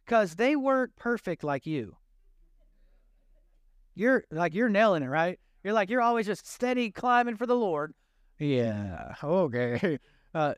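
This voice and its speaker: A man's voice: high-pitched, dry recording, studio quality. A male pastor preaching a sermon in a casual, joking, conversational way.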